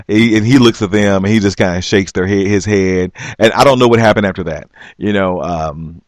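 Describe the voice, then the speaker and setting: A man earnestly telling his own story on a vlog, halting and restarting often but emphatic. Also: deep voice, steady tone, dry recording. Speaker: vlogger. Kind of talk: personal storytelling.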